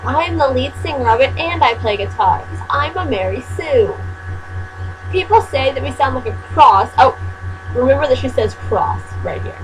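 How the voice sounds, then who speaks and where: A woman's voice: high voice, normal speed, over music, rough recording. Sarcastic woman reading with wry asides. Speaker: fan fiction reader and commentator. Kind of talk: comedic reading with commentary. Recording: steady mains hum.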